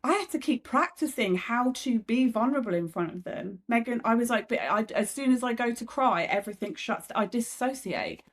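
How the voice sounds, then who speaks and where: A woman speaks with a slightly higher voice, frank and unguarded, dropping swear words as she reflects on herself. She is a comedian talking as a guest in a candid conversation. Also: animated, brisk, few pauses.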